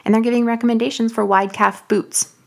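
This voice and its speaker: A woman's voice: a little high, level tone, fairly quick, vocal fry. A woman co-hosting a casual podcast, talking in a playful, teasing way. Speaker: podcast co-host.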